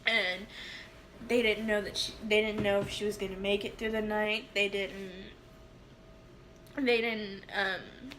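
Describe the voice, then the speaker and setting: A young woman vlogger telling a personal story in a halting, emotional way, with many fillers and restarts. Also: mid-range voice, little pitch movement, fairly bright tone, slight background noise.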